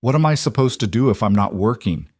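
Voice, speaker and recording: A man's voice: lowish voice, expressive, fast talker, darkish tone, breathy edge, no echo, studio quality. A man voicing an exhausted young woman, a new mother and company chief, anxious and tearful in a storybook reading. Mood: overwhelmed. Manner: anxious, tearful and self-doubting. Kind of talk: storybook dialogue.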